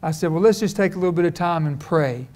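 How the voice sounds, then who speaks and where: A middle-aged preacher, his voice sitting high for a man. He tells his stories in a folksy, conversational way and keeps climbing into fervent bursts. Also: fast, darkish tone. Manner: storytelling, folksy, rising to fervent. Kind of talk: sermon.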